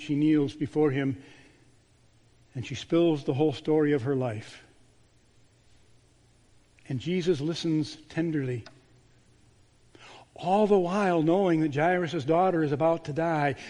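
A man, a pastor, delivering a sermon with a storytelling manner, dropping to a hushed voice on key words. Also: fairly high pitch. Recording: long church reverb.

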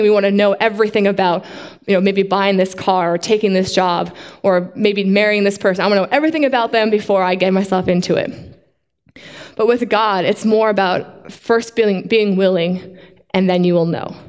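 A woman preaching a sermon to a congregation in a lively way, often asking them questions. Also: mid-range voice, a little fast, smooth, big-room sound. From not from Australia.

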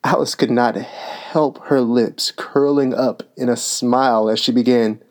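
A man reading a classic storybook aloud as narrator. His pace is very slow and deliberate, in a plain middle pitch. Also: steady tone, darkish tone.

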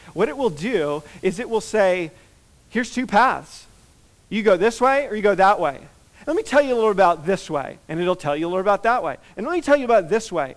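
High-pitched guy preaching, chatty, lots of ums and restarts. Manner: conversational, with many fillers and restarts. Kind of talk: sermon teaching.

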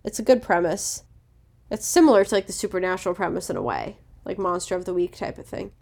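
A woman's voice: lowish voice, big pitch swings, quick pace, creaky, darkish tone. A young woman co-hosting a podcast, giving frank, confident opinions in casual chat. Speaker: podcast co-host.

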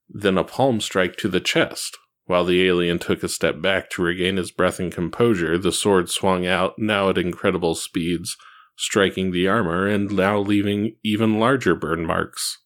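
Deep-voiced man reading a story. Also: steady tone, moderate pace, fairly bright tone. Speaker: narrator. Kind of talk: reading fan fiction aloud.

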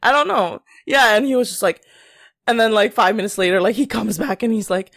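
A young woman speaks briskly in a medium-pitched, fairly bright voice. She co-hosts a casual podcast, telling stories loaded with "like," acting out quotes from others, and often laughing.

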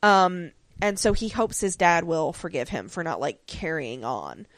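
A woman's voice: on the low side, lively intonation, unhurried, no room sound. A woman co-hosting a podcast, recapping a TV episode in casual chat with plenty of ums and likes. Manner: chatty, many ums and likes, acts out lines in quotes.

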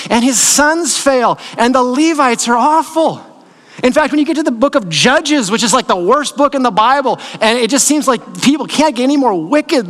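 High-voiced pastor preaching in a hall. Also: male voice, fairly bright tone. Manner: conversational, checks in with listeners, dramatizes stories. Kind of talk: sermon. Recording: long reverb of a large hall.

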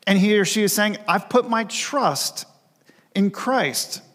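A man's voice: high-pitched, slow, fairly bright tone. Man preaching in a reverberant church. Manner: earnest preaching, repeating key phrases for emphasis. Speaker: pastor. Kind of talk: sermon. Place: church sanctuary.

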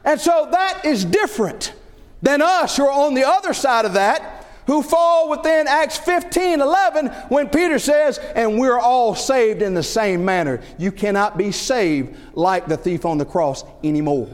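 A middle-aged male preacher with a high, lively voice that leaps up and down as he drives his points home. He talks through rhetorical questions and acts out little scenes. His voice rings through a church hall with a long reverb tail. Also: moderate pace. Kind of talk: sermon.

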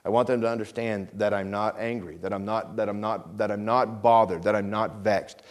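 A middle-aged man preaching a calm, conversational sermon in a church, often dropping to a quiet low voice and asking the congregation questions. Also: moderate pace. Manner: asks the congregation questions and repeats phrases. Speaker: pastor. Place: church sanctuary.

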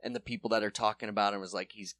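A young adult man telling a story in casual podcast chat, acting out the people in it with sudden high voices. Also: rapid-fire, dry recording. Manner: animated, acts out quoted people in a high voice. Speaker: podcast co-host.

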